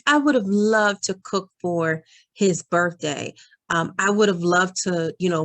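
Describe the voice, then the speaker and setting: In a direct-to-camera vlog, a woman coach with a medium-pitched voice earnestly encourages working moms with advice, calling her audience "y'all."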